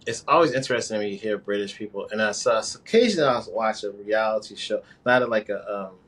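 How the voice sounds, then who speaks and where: A man with a lowish voice talks in a loose, rambling way, stopping and restarting his sentences. He is from New York and chats casually, laughing now and then. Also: fairly bright tone. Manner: rambling, halting, quick laughs. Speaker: guest. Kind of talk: casual conversation.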